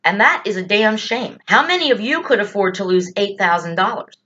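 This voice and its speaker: A woman's voice: medium pitch, lively intonation, a little fast, a bit bright. Woman vlogger with an ordinary mid-range voice, blunt and exasperated, on a slightly dull lo-fi track. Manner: blunt, exasperated, with rhetorical questions and swearing. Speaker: political vlogger. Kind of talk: indignant political commentary.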